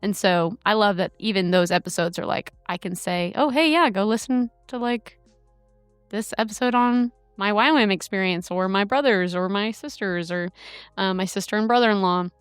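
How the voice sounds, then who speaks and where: A woman's voice: mid-range voice, normal speed, smooth, dry recording, soft background music. A woman co-hosting a faith podcast in casual chat, talking with many fillers. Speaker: podcast co-host.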